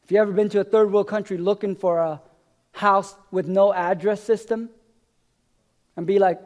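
High-voiced man preaching a sermon. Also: steady tone, normal speed, long pauses. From America. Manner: storytelling, dropping low and soft at line ends. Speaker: pastor. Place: church. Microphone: live-streamed stage mic.

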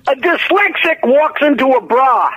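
High-voiced man cackling through dirty jokes. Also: lively intonation, a little slow, a little hiss or hum, rough recording. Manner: cackles loudly at his own punchlines. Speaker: comedian caller. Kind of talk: rapid-fire dirty joke telling.

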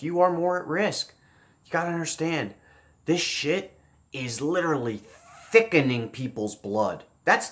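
A man's voice: medium pitch, fairly bright tone. Blunt, profane man ranting to camera. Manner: repeats phrases for emphasis. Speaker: political commentator. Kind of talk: casual commentary vlog.

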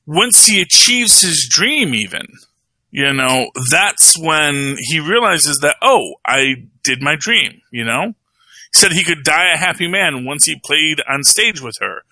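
Brief: male podcast host, animated and bright, rambles with restarts and laughs, dry sound. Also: on the high side, no room sound, poor audio. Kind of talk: casual chat, film review.

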